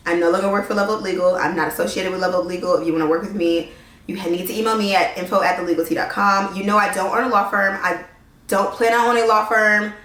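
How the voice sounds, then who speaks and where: A young woman chats straight to her viewers in a casual vlog, slangy, emphatic and animated. Her voice sits mid-range for a woman. It carries a roomy echo. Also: medium pitch, quick pace. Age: young adult. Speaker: legal consultant and content creator. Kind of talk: casual talking-to-camera vlog.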